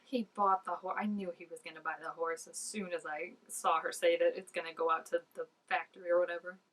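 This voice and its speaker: A woman giving casual, excitable reaction commentary, full of "like" and dropping into soft asides. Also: on the low side, fairly quick, recorded from a distance, poor audio. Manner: chatty and excitable, peppered with "like", drops to soft asides. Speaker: reaction video host.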